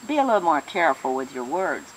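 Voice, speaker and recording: A woman's voice: sits low, very animated, fast, a little hiss or hum, rough recording. A woman voicing a prim, fussy male priest who scolds and corrects others, in a told joke.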